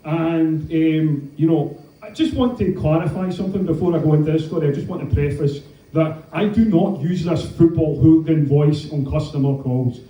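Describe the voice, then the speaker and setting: A man's voice: fairly high pitch, moderate pace, mellow. Wry Scottish comedian in his thirties. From Scotland. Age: 30s. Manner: wry, self-mocking storytelling with swearing. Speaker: stand-up comedian. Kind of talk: stand-up comedy set. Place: comedy club stage with audience. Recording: echoey room, mic from a distance.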